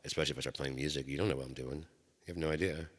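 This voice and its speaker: A man's voice: rumbling low, fairly even intonation, very fast. A man hosting his own channel, rambling and swearing as he tells personal stories. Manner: profane, rambling storyteller. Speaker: channel host. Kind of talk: rambling solo talk. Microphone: microphone. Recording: long hall reverb.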